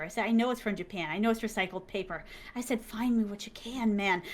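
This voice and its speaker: Woman, interview guest, excitable storyteller, slightly high voice, acts out quotes. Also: quick pace, hardly any pauses. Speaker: interview guest, manga creator. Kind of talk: animated storytelling.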